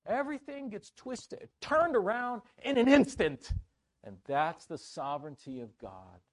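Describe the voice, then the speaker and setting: Male preacher, high voice, animated sermon storytelling, church conference. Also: moderate pace.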